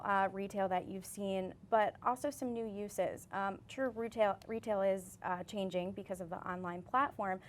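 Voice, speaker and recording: A woman guest on a talk show, confidently explaining her approach. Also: mid-range voice. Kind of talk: studio interview answers.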